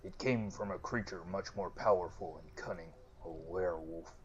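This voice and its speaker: A man's voice: deep voice, normal speed, slight background noise, close to an everyday voice. A man voicing a formal, gracious male temple priest with archaic, storytelling speech, in a lo-fi let's-play recording. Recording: lo-fi with game music behind.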